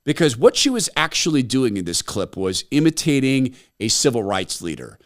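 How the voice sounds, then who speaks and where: A man's voice: medium pitch, big pitch swings, normal speed. A man hosting his own talk show, delivering an opinionated monologue in a sarcastic, emphatic way. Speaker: host.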